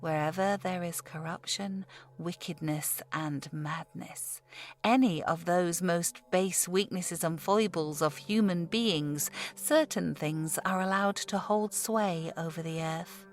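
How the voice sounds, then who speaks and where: A woman voicing an old male pub landlord with a broad Yorkshire accent, speaking slowly and deliberately, calm and ominous. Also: on the low side. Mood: grave. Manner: broad dialect, slow and deliberate.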